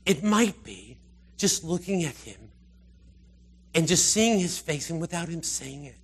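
A man giving an informal, conversational sermon, retelling scripture with animated asides. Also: fairly high pitch, a little slow, slightly rough. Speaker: preacher.

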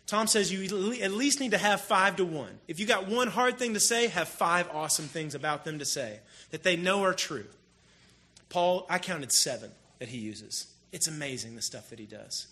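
A man preaching a sermon in a casual, storytelling way, with animated emphasis. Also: high voice, normal speed. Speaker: pastor. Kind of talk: conversational sermon.

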